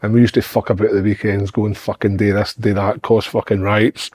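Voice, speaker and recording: A man's voice: on the low side, little pitch movement, fairly quick, a little mellow, breathy edge. A middle-aged Scottish man, a podcast host, telling blunt, sweary stories in casual chat. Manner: swears freely, tells blunt anecdotes.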